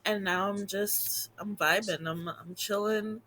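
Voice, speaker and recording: A woman in her thirties talks slowly and easily, upbeat and loose with her fillers. She co-hosts a casual chat, and a faint background noise sits under the voice. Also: mid-range voice. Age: 30s. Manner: relaxed, upbeat, many fillers and laughs. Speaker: podcast co-host.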